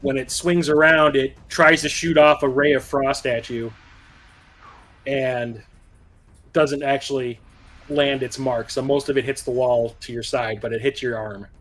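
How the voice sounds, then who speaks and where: A man's voice: mid-range voice, fairly even intonation, unhurried, fairly bright tone. A man running a tabletop game as game master, narrating the action loosely with lots of filler words.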